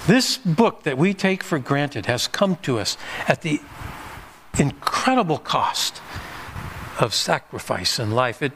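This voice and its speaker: A male pastor delivering a sermon in a slightly higher-than-average voice. He talks emphatically, climbing in pitch on key points and at times repeating words as he restarts. Faint ambient noise hums behind him. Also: big pitch swings, slow pace, a bit bright.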